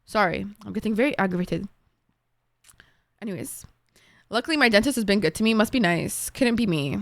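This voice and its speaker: A woman's voice: medium pitch, lively intonation, a little fast, no echo, clean studio sound. A young woman streamer chatting casually with her viewers, full of "like" and frequent swearing. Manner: chatty, swears a lot, fillers like "like". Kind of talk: casual live-stream chat.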